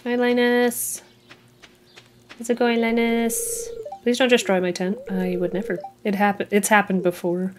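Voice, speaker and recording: A woman casually plays through a cozy farming game, chatting to the characters on screen and laughing at her own mishaps. Her mid-pitched voice is picked up by a headset mic in a home room. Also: monotone, unhurried. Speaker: gaming channel host. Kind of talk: casual let's-play commentary. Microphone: headphones with mic.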